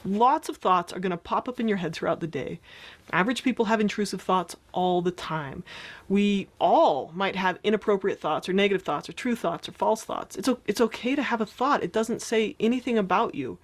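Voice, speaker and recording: A woman speaks in a casual, conversational way as a therapist walking listeners through exercises. Her voice sits at an ordinary middle pitch. She keeps turning to her listeners with a quick "right?". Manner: conversational, often checks in with "right?". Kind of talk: casual explanatory talk.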